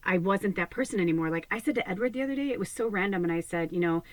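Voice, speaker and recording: A woman's voice: mid-range voice, lively intonation, very fast, dry recording, rough recording. A woman who hosts a spiritual channel, talking casually to viewers in a rambling, candid way, swearing freely and laughing often. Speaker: spiritual medium, channel host.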